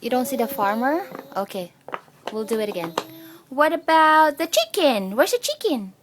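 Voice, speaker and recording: A woman's voice: high voice, very animated, moderate pace, noisy background. A mother talking to her toddler at home, sing-song and encouraging, praising each try.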